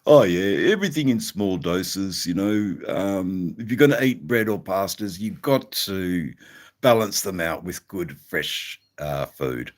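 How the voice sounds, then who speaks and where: A man's voice: deep voice, animated, measured pace. An Australian man hosting a livestream, chatting in a rambling, casual way and greeting viewers by name. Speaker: livestream host.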